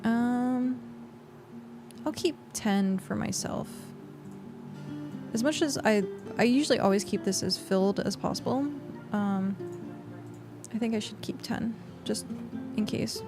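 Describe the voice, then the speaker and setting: A woman's voice: a little high, a little slow, pauses often, music in the background. A woman game streamer in casual, rambling livestream chat, thanking viewers and talking while she plays. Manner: chatty and rambling, with frequent fillers.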